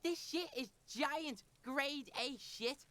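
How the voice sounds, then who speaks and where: A woman's voice: sits high, slow pace, a bit bright. A woman voicing a foul-mouthed, brash young boy with a Liverpool accent in a video game, who talks about himself in the third person.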